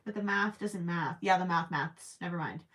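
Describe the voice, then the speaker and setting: A woman with a lowish, fairly bright voice chats with her viewers at a moderate pace while she crochets on a livestream. She rambles casually, with plenty of ums and self-deprecating asides.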